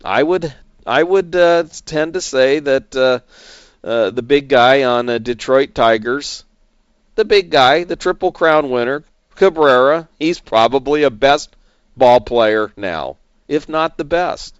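Here the same kind of host, a middle-aged San Diego-area man on an investment show, chats loosely about the markets, padding his talk with fillers and little laughs. He speaks slowly but animatedly at a medium pitch, with a clean tone, no room sound, and a lo-fi quality overall.

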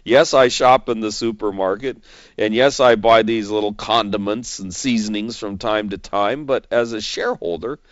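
A man's voice: fairly low pitch, normal speed, dry recording, dull audio. A man giving casual, folksy commentary on stocks and dividends, chatty and joking as he goes. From California, United States.

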